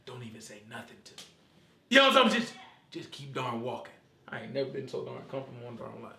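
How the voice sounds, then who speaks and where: Animated slangy man in a roomy room. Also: mid-range voice, fast, creaky. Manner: animated, slangy, keeps asking "you know what I'm saying". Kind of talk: casual chat. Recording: roomy echo.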